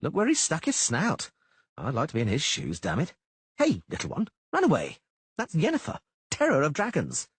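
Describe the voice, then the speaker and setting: A man's voice: on the high side, huge pitch swings, moderate pace, a little hiss or hum, pitched above the performer's own voice. A man voicing a cheeky young male bard who teases and jokes bawdily, in an audiobook. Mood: teasing. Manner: jeering, teasing.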